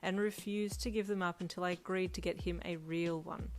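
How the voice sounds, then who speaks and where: A woman voicing a calm, wry man with a deep voice. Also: fairly quick, natural voice. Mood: exasperated. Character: laid-back uncle, calm and wry man.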